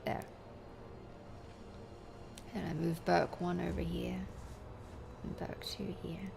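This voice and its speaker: Gravelly-voiced woman streamer chatting. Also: on the low side, little pitch movement, slow, background noise. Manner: rambling, swears casually. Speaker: game streamer. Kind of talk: casual live-stream chat.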